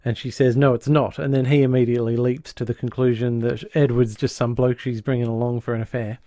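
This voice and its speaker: Man, casual podcast recap, mid-pitched voice, dry close sound. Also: flat delivery, mellow, no echo. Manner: acts out characters' lines in quick impressions. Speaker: podcast co-host. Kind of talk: casual chat recapping a sitcom episode.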